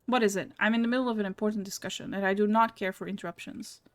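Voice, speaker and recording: A woman's voice: mid-range voice, fairly even intonation, rapid-fire, lightly acted. A woman voicing a haughty male wine baron in a game, reading his lines scornfully in her own voice. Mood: disdainful. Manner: scornful, insulting.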